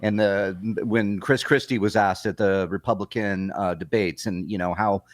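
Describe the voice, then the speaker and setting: A man co-hosting a podcast with a mid-range voice and a dry, close sound. He speaks haltingly, restarting phrases as he works out his thought. The tone is casual chat. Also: lowish voice, steady tone, no room sound.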